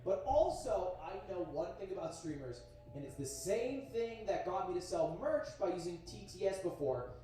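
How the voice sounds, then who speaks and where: A young man in his twenties narrating his own vlog in a brisk, chatty, self-assured way. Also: high-pitched, lively intonation, dark tone, a little hiss or hum. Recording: echoey, distant playback on a stream.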